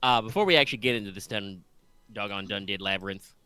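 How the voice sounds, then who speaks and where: A man's voice: fairly low pitch, quick pace, pushed and bright, clean tone, faint music behind. A congested, slightly nasal man running a tabletop game as game master, chatty and rambling with plenty of fillers.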